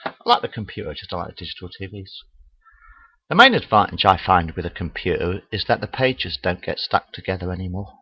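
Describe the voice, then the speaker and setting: A man's voice: low-pitched, big pitch swings, brisk, slightly rough. A man telling crude jokes in a rambling, casual monologue into a webcam, full of "uh" fillers. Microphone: webcam mic. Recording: dull lo-fi webcam audio.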